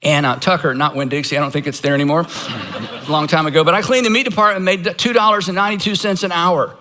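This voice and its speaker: A man's voice: on the high side, quick pace, pushed and bright. A man from Georgia, a pastor giving a conversational sermon, earnest with self-deprecating asides. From Georgia, United States.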